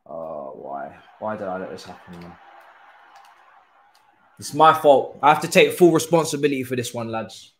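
A young man, commentating his own football game live, groaning, swearing and now and then cheering loudly. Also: medium pitch, expressive, normal speed, pauses often, echoey room, a little hiss or hum. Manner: exasperated, groaning and swearing, swinging to loud cheers. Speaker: gaming streamer.

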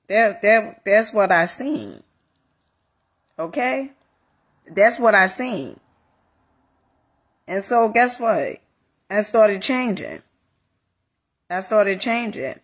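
A woman life coach giving a casual motivational talk, animated, repeating phrases and calling listeners honey. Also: mid-range voice.

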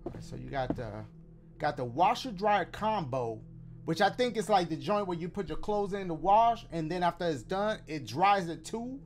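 A man's voice: high voice, expressive, moderate pace, faint music behind. A man doing let's play commentary on a game, slangy and joking, talking to the viewers. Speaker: gaming YouTuber.

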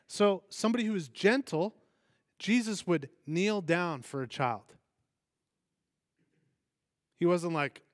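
Male pastor, conversational sermon, slightly high voice, dry close sound, asks the room questions. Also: a little slow, pauses often, dry recording. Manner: animated, asks the congregation questions, acts out quoted voices.

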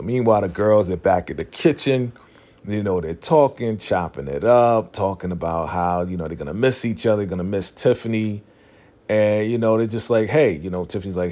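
A man with a fairly low voice giving a loose, chatty recap of a TV episode. He retells the scenes with lots of energy, slips into the characters' lines as he goes, and laughs often. His talk is slangy and full of "you know" and "right.". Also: darkish tone. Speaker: TV recap vlogger.

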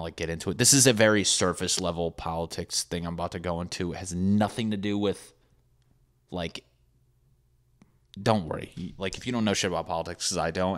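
A young man with a low voice rambles through a comedy podcast monologue. He swears freely and layers his talk with sarcastic asides. It sounds casual and unscripted. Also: fairly bright tone. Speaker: podcast host. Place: apartment building with hammering neighbors.

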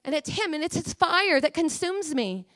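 A woman preacher giving an emotional, passionate sermon, swinging between hushed talk and fiery proclamation. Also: high voice, very animated, moderate pace, dry recording. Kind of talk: Pentecostal-style sermon.

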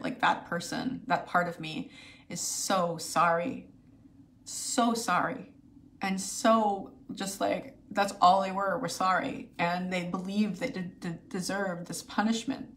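A woman speaking to her viewers, telling a personal story in a halting, emotional way with many restarts. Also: fairly low pitch, gravelly, a bit bright. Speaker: video host sharing a personal story.

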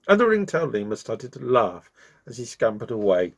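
A man reading a children's story aloud as the host of his channel, with expressive, animated delivery. His voice is slightly husky and swings widely in pitch. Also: a little fast.

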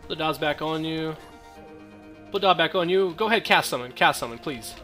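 A man's voice: a little high, animated, normal speed, bright, forceful tone, soft background music. A young man giving casual, joking gameplay commentary, full of profane trash talk and rambling asides.

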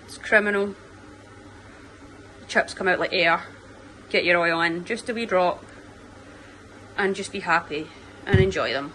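In a fairly low, slightly bright voice, a young Scottish footballer speaks at a measured pace with frequent pauses and some background noise. Her casual vlog follows her professional day indoors, at home and the training ground; she whispers early in the morning and stays chatty and upbeat, joking about herself.

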